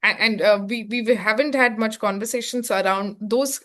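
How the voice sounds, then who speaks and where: A woman's voice: mid-range voice, moderate pace, fairly bright tone. A woman with an Indian English accent, moderating a webinar panel, her phrasing loose and full of fillers.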